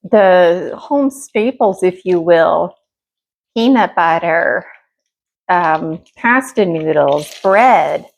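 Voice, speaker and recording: A middle-aged woman hosting her own home cooking vlog, talking in a rambling, chatty way with many fillers while she cooks. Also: fairly low pitch. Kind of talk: casual cooking chat.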